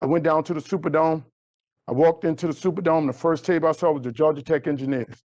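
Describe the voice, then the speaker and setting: A man tells a story to a young audience in a lively keynote style. His voice sits high and leaps up when he acts out the dialogue. The recording is dull and lo-fi. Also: quick pace. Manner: animated storyteller acting out dialogue with big pitch jumps. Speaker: motivational speaker.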